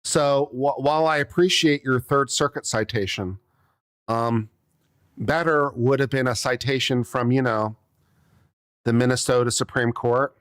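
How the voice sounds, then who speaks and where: A man's voice: mid-range voice, unhurried, a bit bright, clear, resonant tone. A man, an attorney, reading out a legal brief and picking it apart with sarcastic, exasperated asides, coughing now and then. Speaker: attorney commentator.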